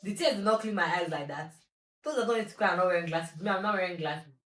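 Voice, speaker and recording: A woman's voice: on the low side, expressive, quick pace, fairly bright tone. A young woman hosting a solo podcast, talking candidly and animatedly about herself with self-mocking humor. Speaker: podcast host. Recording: roomy echo.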